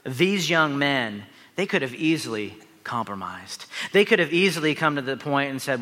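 A man's voice: medium pitch, sing-song, normal speed, few pauses, pushed and bright, long reverb tail. A man, a pastor, preaching a sermon in an earnest, emphatic way, with asides to the listeners.

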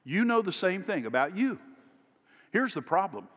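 A man preaching a sermon, delivering it emphatically and rising louder on key phrases. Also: sits high, very animated, moderate pace, long reverb tail. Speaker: pastor.

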